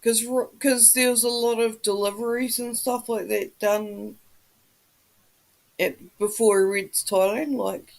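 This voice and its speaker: A woman's voice: on the high side, fairly even intonation, measured pace, gravelly, low-quality recording. A woman hosting a casual livestream, chatting with viewers and reading the chat, swearing freely as she talks. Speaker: livestream host.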